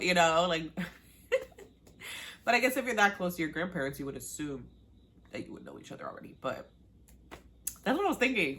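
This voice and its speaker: Bubbly chatty woman vlogger, low-pitched. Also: big pitch swings, moderate pace, long pauses, fairly bright tone. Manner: bubbly, laughs often, talks to viewers. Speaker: TV recap vlogger. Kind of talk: casual chatty recap.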